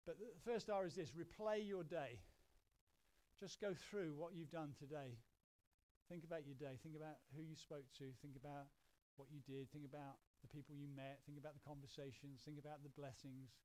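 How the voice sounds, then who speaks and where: Man, middle-aged, pastor, conversational sermon, animated, slightly high voice. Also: normal speed. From England. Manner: conversational, animated, acts out little quoted voices.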